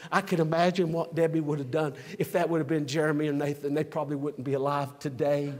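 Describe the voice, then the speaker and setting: A man in his sixties preaching a sermon, swinging from near-shouts to quiet asides. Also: a little high, flat delivery, fast talker, long reverb tail, a little hiss or hum. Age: 60s. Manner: emphatic, rising to near-shouts then dropping to a conversational aside. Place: church.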